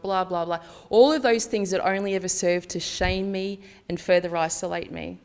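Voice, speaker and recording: Woman, slightly low voice, candid storytelling talk, chatty. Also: fairly even intonation, normal speed, few pauses, darkish tone, clear, resonant tone. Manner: candid, chatty, acts out dialogue in her stories. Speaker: conference speaker. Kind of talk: personal storytelling presentation.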